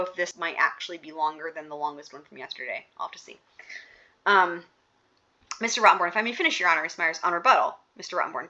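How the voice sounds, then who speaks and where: A woman's voice: lowish voice, pushed and bright. A woman reading courtroom sidebar transcripts aloud and breaking off for chatty asides to her viewers. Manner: reads each speaker's lines straight through, breaking off for chatty asides. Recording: dull lo-fi recording.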